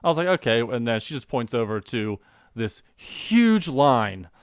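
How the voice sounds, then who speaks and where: A young adult man co-hosting a casual podcast, telling an animated story and acting out the people in it. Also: mid-range voice, unhurried, smooth, dry recording, studio quality. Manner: animated storyteller, acts out quoted voices. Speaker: podcast co-host.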